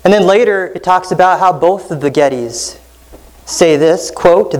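A male pastor delivering a sermon at a measured, slow pace. He speaks earnestly and leans hard on key phrases, drawing them out for emphasis. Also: high voice, darkish tone, low-quality recording. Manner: earnest, emphatic preaching with deliberate slow stresses.

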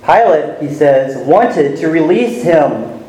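A man's voice: a little high, animated, slow pace, dark tone, a little hiss or hum. A man preaching a sermon, teaching verse by verse and stressing key words with rising emphasis. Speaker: pastor. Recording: very echoey room with faint ambience.

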